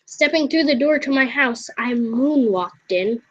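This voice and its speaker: A woman's voice: high-pitched, animated, measured pace, dry recording. A woman reading a visual novel aloud with self-mocking, chatty asides. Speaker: let's player. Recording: dull, lo-fi, dry.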